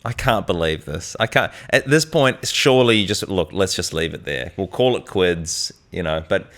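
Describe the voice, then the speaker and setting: A man chats on a podcast, cutting in with wry, teasing remarks. His voice is low, but his pitch moves around a lot. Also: lively intonation, normal speed, fairly bright tone. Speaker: podcast co-host. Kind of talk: casual chat, reacting and teasing.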